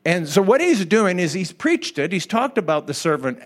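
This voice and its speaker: Animated pastor with a higher voice. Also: male voice, moderate pace. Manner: animated storyteller, laughs often. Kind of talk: sermon with humorous personal story. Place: church hall before an audience.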